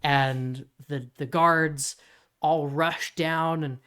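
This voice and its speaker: A podcast co-host talking casually, rambling and restarting while pitching story ideas. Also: steady tone, extremely slow, a bit bright, clean tone. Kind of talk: casual brainstorming chat.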